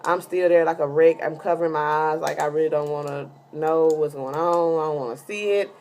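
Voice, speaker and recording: A woman's voice: low voice, fairly even intonation, a little fast, darkish tone, a little hiss or hum. A heavily pregnant woman telling a rambling, casual story in a vlog, full of fillers. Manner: chatty, rambling with many fillers. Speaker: vlogger giving a pregnancy update.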